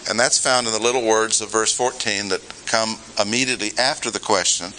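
A man delivers a sermon with a bright, forceful voice. He moves easily between scripture and folksy asides and asks his listeners questions. A faint hiss of noise sits behind him. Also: medium pitch, animated, normal speed, hardly any pauses, rough recording. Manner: conversational, with rhetorical questions and humorous asides. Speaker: preacher. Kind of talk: expository sermon.

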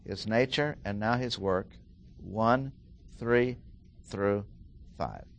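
A middle-aged man teaching through a Bible passage, deliberately repeating key phrases and stressing single words. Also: lowish voice, vocal fry, highs cut off, a little hiss or hum. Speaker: preacher.

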